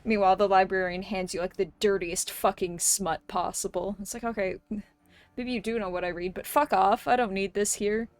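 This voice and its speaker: A woman's voice: mid-range voice, steady tone, moderate pace, no echo. A woman streaming a game live, chatting casually with chat and ranting with plenty of swearing. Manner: profane, ranting, greets chat.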